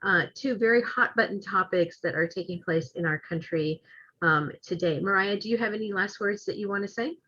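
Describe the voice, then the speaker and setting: A woman's voice: medium pitch, brisk, sharp tone, slightly rough, dull audio. A woman hosting a webinar speaker series who thanks the speakers and makes announcements over a video call, with frequent "um"s.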